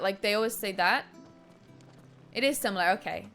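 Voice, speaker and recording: A woman's voice: mid-range voice, normal speed, long pauses, smooth, faint music behind. A woman streaming a video game, chatting casually, laughing often and swearing as she reacts. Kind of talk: casual gaming commentary.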